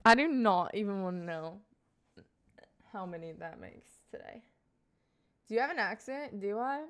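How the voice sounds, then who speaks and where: A woman's voice: medium pitch, sing-song, moderate pace. A young woman live-streaming, chatting casually and playfully with her viewers and answering their questions. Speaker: livestreamer.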